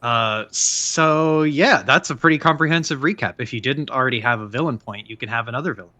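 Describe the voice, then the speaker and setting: A man running a tabletop game as game master, narrating in a relaxed, halting way. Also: medium pitch, no room sound.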